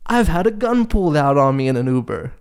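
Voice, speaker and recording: A young man holds forth alone on his podcast, his voice leaping around in pitch as he tells the story. He talks casually and curses often, with an exasperated, disbelieving edge. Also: brisk, clean tone. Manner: animated, profane, exasperated storytelling. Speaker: podcast host. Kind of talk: casual solo podcast rant.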